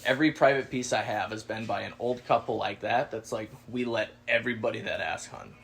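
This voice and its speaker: A man's voice: lowish voice, brisk, vocal fry, a little hiss or hum. A man co-hosting a podcast, telling a casual story, swearing freely and acting out the people he quotes. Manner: animated, swearing, acts out quoted voices. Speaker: podcast co-host.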